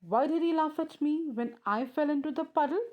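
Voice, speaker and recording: A woman's voice: sits high, normal speed, highs cut off, voice pushed up, natural voice. A woman reading the lines of a sulking witch who refuses to lift her spell. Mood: stubborn. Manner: stubborn, resentful.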